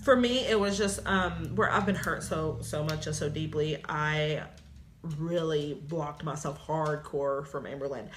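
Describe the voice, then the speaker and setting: Soft-spoken, low-pitched woman sharing her feelings. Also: measured pace, slight background noise. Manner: earnest, soft-spoken, trails off. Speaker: co-host, partner. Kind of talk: casual chat.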